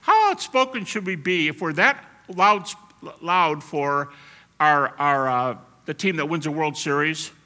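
A man preaching a sermon as pastor, animated and at times shouting as he acts out quotes. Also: on the high side, unhurried.

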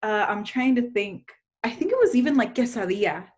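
A woman's voice: on the high side, lively intonation, fairly quick. A young college woman chatting casually in an easygoing, matter-of-fact way. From Douglas, Arizona area. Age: young adult. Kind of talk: casual chat.

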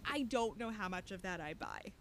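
A woman's voice: mid-range voice, lively intonation, moderate pace. A woman co-hosting a podcast, talking in blunt, opinionated bursts of emphasis as she recaps a reality show. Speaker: podcast co-host.

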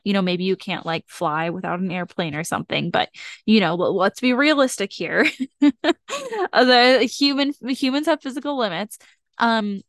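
A woman's voice: mid-range voice, no room sound, clean studio sound. A woman hosting a solo self-help podcast, talking casually with lots of "like" fillers in a direct, encouraging way. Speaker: podcast host.

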